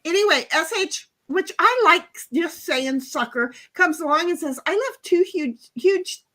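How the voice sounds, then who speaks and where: A woman in her fifties, hosting a livestream and telling stories in casual chat, animated and frank, swearing and restarting her sentences. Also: extremely high pitch, measured pace. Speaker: livestream host.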